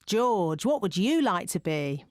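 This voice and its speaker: A woman voicing a cheerful, busy rabbit lady in a children's cartoon, brisk and helpful. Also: medium pitch, sing-song, a little mellow, no room sound. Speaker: shopkeeper and librarian.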